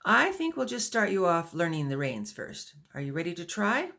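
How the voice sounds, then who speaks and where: A woman's voice: lowish voice, very animated, normal speed, vocal fry, bright, forceful tone, heavily acted. A woman reading the part of a patient male wagon teamster who instructs pioneer women, in an audiobook. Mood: instructive. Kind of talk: audiobook dialogue.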